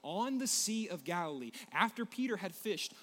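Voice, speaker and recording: A man preaching a sermon, swinging between loud emphasis and hushed, intimate passages. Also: high voice, big pitch swings, moderate pace, long reverb tail.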